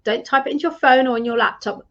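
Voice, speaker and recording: A woman's voice: sits high, quick pace, a bit bright, muffled recording. A woman leadership coach giving advice in a live-streamed talk, earnest and encouraging, with frequent ums and restarts.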